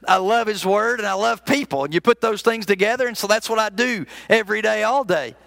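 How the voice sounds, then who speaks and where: A man preaches with an unusually high, gravelly voice, spinning homespun stories before turning to scripture. His tone is bright and forward, with a dry, close sound. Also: a little fast, no room sound. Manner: folksy, conversational storytelling with frequent restarts. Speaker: minister. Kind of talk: sermon with storytelling.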